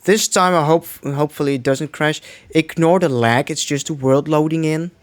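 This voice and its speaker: A man's voice: on the high side, moderate pace. A man streaming a game, giving casual live commentary, rambling and restarting his sentences as he plays. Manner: rambling, restarts often, mutters to himself.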